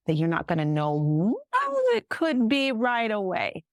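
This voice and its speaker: A woman therapist talking as a podcast guest, animated and free-flowing with many fillers. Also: medium pitch, dry recording. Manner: animated, fast-flowing, many fillers, acts out clients' words. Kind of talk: casual interview chat.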